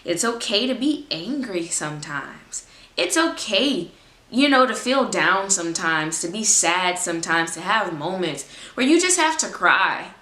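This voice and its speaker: A woman in her twenties giving a casual, expressive faith talk as a Christian vlogger, chatty and informal. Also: medium pitch, a little slow, reverberant. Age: 20s. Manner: expressive, acts out her own prayers; informal, chatty, laughs often.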